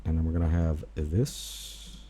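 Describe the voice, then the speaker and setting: A man streaming, casually reacting to videos with lively laughs and swearing. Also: extremely low pitch, measured pace, slight background noise.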